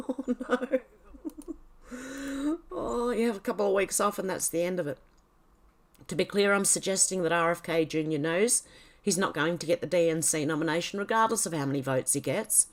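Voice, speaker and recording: A woman hosting a livestream, reading posts aloud in casual commentary. She stumbles and corrects herself, mutters asides, and coughs and clears her throat now and then. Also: on the low side. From Australia. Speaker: livestream host.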